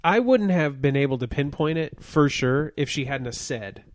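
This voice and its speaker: A man co-hosting a podcast in casual chat, joking with quick asides. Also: fairly high pitch, animated. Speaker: podcast co-host.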